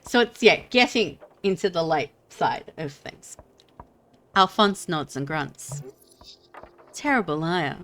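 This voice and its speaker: Bright-voiced woman streamer. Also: deep voice, expressive, slow. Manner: chatty, self-deprecating, rambling. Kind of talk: reading a game aloud and chatting with viewers.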